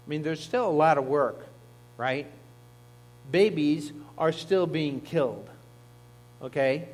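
A man's voice: fairly high pitch, takes it slowly, darkish tone. Man preaching a conversational sermon. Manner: conversational teaching with asides to the congregation. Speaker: pastor. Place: church.

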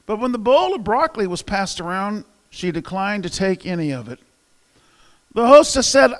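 In a large hall, a pastor preaches in a high, slightly bright, very animated voice at normal speed. His sermon is conversational and funny, full of jokes and questions polling the congregation.

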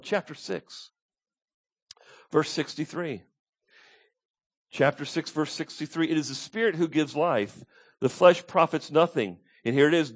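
Emphatic pastor preaching, a man. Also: on the high side. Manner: emphatic, repeats key points, asks the congregation to answer. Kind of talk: sermon.

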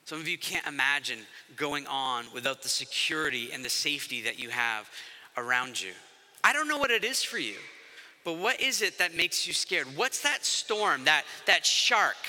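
Male pastor, high and very bright voice, lively sermon delivery, long hall reverb. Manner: animated, acts out quoted voices.

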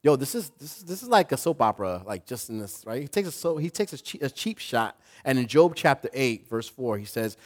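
A man preaching a sermon as pastor, talking in a conversational, animated way with playful asides. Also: medium pitch, fairly quick, few pauses.

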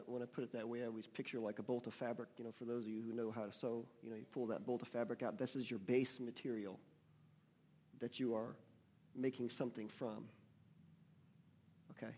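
A man delivers a church sermon in a husky, mellow voice. He reads scripture slowly and with weight, then checks in with his congregation through quick questions. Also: mid-range voice. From United States. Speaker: pastor.

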